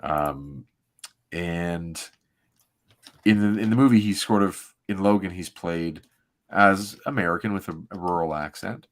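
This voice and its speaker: A man's voice: sits low, a little slow. A man co-hosting a comic reading show, talking casually and enthusiastically into a desk microphone and reading narration aloud. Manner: chatty, enthusiastic, self-correcting with laughs. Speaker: podcast co-host reading comics.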